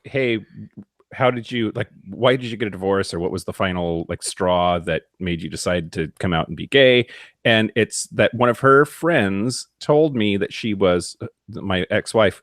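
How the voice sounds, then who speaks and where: A man with a very low voice tells his story as a guest in a casual chat. The sound is dry and close. He talks candidly, in quick bursts. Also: expressive, dry recording.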